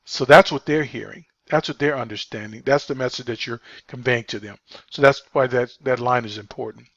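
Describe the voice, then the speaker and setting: A man walks trainees through a sales call, stressing his points and circling back to repeat them. His voice sits at a middling pitch. The recording sounds dull and lo-fi, with a dry, close feel. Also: fairly quick, fairly bright tone, no room sound. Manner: emphatic, repeats key points, many fillers. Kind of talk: spoken training walkthrough.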